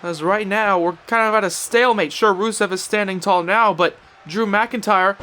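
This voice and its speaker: A young man giving excitable play-by-play commentary on a wrestling video game, breaking into shouts at big moves. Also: high voice, moderate pace, few pauses.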